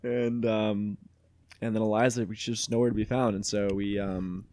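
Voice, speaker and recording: A man's voice: fairly low pitch, moderate pace, no echo. Young man telling a story, laughing often. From Mexico. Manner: animated, laughs often, swears freely. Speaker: podcast host. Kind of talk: casual storytelling chat.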